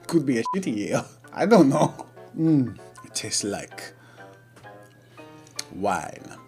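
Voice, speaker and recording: A man's voice: medium pitch, big pitch swings, takes it slowly, over music, pitched below the performer's own voice. A man voicing a pompous male French starving artist with a put-on, exaggerated French accent, in grandiose, theatrical comic role-play over a game. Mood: musing.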